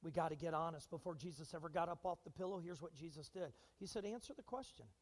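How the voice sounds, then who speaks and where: A high-pitched man preaching to his church, his voice carrying a long reverb through the sanctuary. He is animated, tossing questions to the congregation and acting out what people say. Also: fast talker. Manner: animated, asks the congregation questions and acts out quotes. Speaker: pastor. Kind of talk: sermon.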